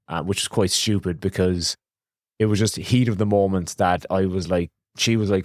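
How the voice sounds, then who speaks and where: Deep voiced guy rambling through a story on his podcast, blunt, swears a bit, dry close sound. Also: fairly even intonation, moderate pace, no room sound. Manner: rambling, frank, swears casually. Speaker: podcast host, electrician. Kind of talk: casual storytelling monologue.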